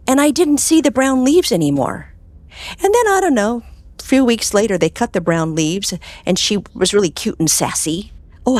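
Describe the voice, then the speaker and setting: A woman, a clinical hypnotherapist, talking as a guest in an interview, telling stories with animated swings up in pitch and soft whispers on quoted phrases. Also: dry recording. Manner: animated storytelling, voice jumping high with enthusiasm. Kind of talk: conversational interview.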